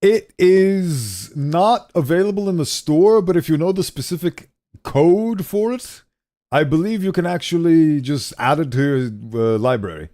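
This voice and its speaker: A man streaming a game, chatting casually and animatedly, self-deprecating and quick to laugh. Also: fairly high pitch, lively intonation, mellow. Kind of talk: casual commentary while playing.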